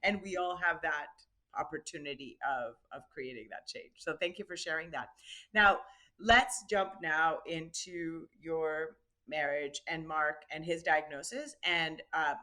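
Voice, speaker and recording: A woman hosting a podcast interview, warm and affirming toward her guest. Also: deep voice, steady tone, unhurried. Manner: supportive, frequent affirming interjections. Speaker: podcast host. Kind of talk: casual interview.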